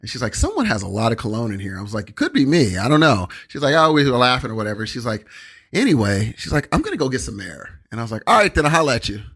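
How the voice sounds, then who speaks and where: A young man co-hosts a podcast, his medium-pitched voice very animated, quick, fairly bright, and a touch breathy. In casual chat he spins rambling anecdotes packed with fillers and quoted dialogue.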